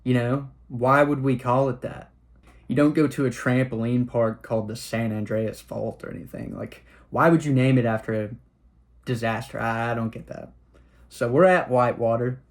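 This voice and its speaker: A man's voice: medium pitch, fairly even intonation. Young guy from oklahoma city doing a solo podcast, regular mid voice, goofy rambling storytime, pokes fun at himself. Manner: rambling, self-deprecating humor with sudden fast bursts. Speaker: podcast host. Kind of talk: casual storytelling monologue.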